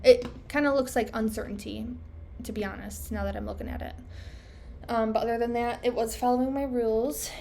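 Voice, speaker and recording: Gravelly young woman thinking aloud. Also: a little high, steady tone, brisk, a little mellow, slight background noise. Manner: thinking aloud, self-critical, trailing off. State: losing her voice. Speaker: day trader reviewing her trades. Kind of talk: casual self-talk screen recording.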